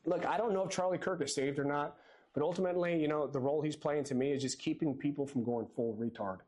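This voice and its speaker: A man's voice: on the high side, fast, a little mellow. A man preaching a sermon from a church pulpit, earnest and exhorting in a conversational way. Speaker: lay preacher.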